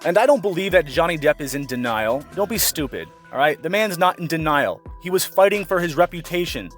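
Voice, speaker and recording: A high-voiced man rants through a commentary video, sarcastic and openly exasperated, swearing freely as he reads and mocks quotes. His tone keeps swinging between mock outrage and weary disbelief. Faint music sits underneath. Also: animated, brisk. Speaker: commentary vlogger. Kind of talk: ranting commentary.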